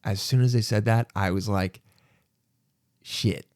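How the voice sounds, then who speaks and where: A man hosting his podcast, telling a story in an animated, self-mocking way and swearing freely. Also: fairly low pitch, brisk, dry recording, clean studio sound. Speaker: podcast host. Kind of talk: casual storytelling monologue.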